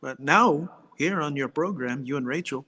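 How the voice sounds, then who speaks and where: Brief: male comedian guest, casual, quick jokey riffs, slightly raised voice. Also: on the high side, sharp tone, husky. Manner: joking, riffing quickly with self-promotion. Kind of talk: casual chat.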